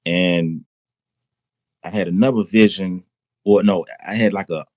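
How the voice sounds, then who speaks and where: A man giving a personal testimony in casual, slangy speech, excited, often repeating himself and laughing. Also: sits low, a little slow, no echo. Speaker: testimony guest.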